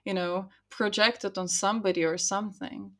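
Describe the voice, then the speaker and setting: Young woman chatting casually, tells stories w lots of "like", does little voices for people, mid pitch. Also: moderate pace. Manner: animated storyteller, acts out quoted voices, many likes. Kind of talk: casual chat.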